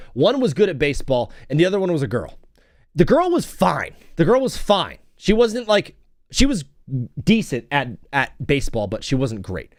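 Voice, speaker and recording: A man's voice: a little high, dry recording, clean studio sound. A young man hosting a live stream from home, rambling through stories and chanting old cheers. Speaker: host. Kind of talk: casual live-stream chat.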